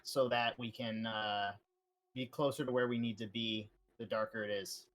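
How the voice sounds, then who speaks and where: A man's voice: lowish voice, steady tone, moderate pace, fairly bright tone. Rambling casual man planning. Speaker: player. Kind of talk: casual chat.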